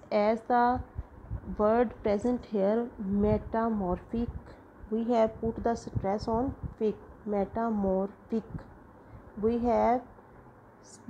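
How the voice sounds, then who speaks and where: A woman's voice: fairly high pitch, mellow, muffled recording, a little hiss or hum. A woman teaching a school English lesson, explaining rules step by step and repeating points for her students. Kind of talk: classroom lecture mixing Hindi and English.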